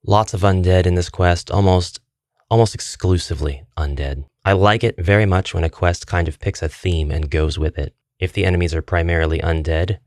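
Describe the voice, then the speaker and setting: A man's voice: low voice, fairly quick, a little mellow, no room sound, clean studio sound. A middle-aged man chatting casually through a board game quest, joking with dad jokes as he goes. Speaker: board game channel host.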